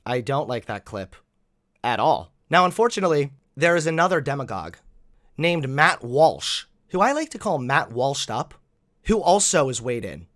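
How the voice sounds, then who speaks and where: A man's voice: medium pitch, sing-song, moderate pace, a bit bright, no echo, clean studio sound. A man giving sarcastic, exasperated commentary while reacting to clips.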